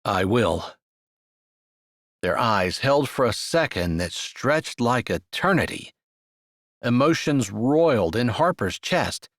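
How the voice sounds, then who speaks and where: A man reading a romance audiobook aloud in expressive, measured storytelling narration. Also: medium pitch, no room sound, clean studio sound. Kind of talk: scripted narration.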